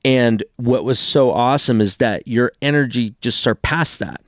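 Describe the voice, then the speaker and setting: A man's voice: medium pitch, moderate pace, no room sound, studio quality. A man in his forties, a co-host in casual chat, talking bluntly and swearing freely.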